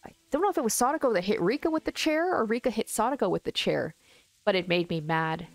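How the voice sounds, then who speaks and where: A woman's voice: on the high side, big pitch swings, fast, no echo. A woman reading a visual novel aloud and reacting casually between passages, with exclamations and musing asides. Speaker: let's play host.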